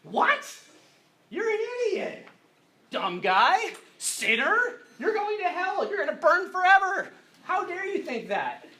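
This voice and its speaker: Brief: hostile ranting believer, high and loud, all shouting, as a speaker puts him on. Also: male voice, very animated, takes it slowly, roomy sound, heavily acted. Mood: furious. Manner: yelling insults, high and loud. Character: angry shouting Christian man, insulting and hostile.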